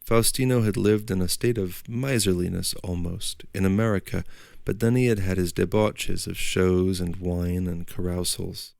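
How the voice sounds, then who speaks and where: A man narrating a literary audiobook in a measured storytelling manner. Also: low voice, steady tone, creaky, a little mellow, no echo.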